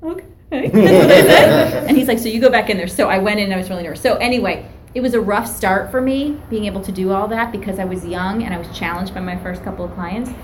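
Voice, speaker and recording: A woman's voice: medium pitch, quick pace, a little hiss or hum, rough recording. A middle-aged woman, a therapist and professor, telling stories in an interview, acting out quoted voices and laughing often. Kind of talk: animated storytelling in an interview.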